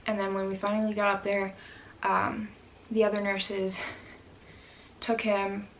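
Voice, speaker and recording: A young woman telling her story straight to camera, candid and emotional, filling gaps with "um" and "like". Her voice has a gravelly fry, and a faint hiss sits under the recording. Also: mid-range voice, monotone, unhurried, low-quality recording. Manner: emotional, candid, many fillers. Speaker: vlogger. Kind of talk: personal storytime vlog.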